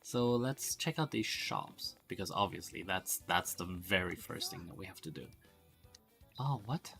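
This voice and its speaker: A man's voice: low voice, lively intonation, a little slow, vocal fry, fairly bright tone, soft background music. A sleep-deprived man streaming a game, rambling in a mock-professorial way and laughing often. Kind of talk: casual live-stream game commentary.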